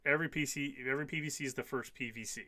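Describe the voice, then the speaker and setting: A man's voice: mid-range voice, fairly even intonation, very fast, bright, forceful tone, no room sound. A man in his fifties hosting a casual live stream, reading viewer comments aloud and answering them emphatically, often repeating key phrases. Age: 50s.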